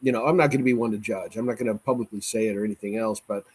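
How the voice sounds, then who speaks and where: A man's voice: on the low side, fairly even intonation, very fast, a little mellow, husky. A man hosting a casual podcast chat, opinionated and joking, often restarting his sentences.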